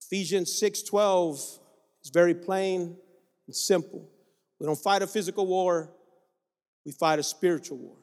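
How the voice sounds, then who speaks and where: A man's voice: high voice, steady tone, a little slow, pauses often, darkish tone. A male guest preacher delivering an exhorting sermon, calling out to the congregation in a church sanctuary. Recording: long reverb of a large room.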